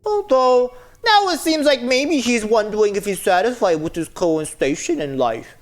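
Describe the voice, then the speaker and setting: A woman's voice: a little high, expressive, normal speed, voice pushed up, lightly acted. A woman voicing a preachy game character who lectures a young man, in a made-up odd accent. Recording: game music behind voice.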